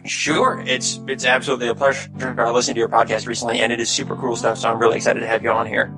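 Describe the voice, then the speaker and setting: A man's voice: mid-range voice, level tone, fast talker, music in the background. A man from Texas hosting a casual podcast chat in an upbeat way, with fillers and laughs. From Houston, Texas. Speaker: podcast host.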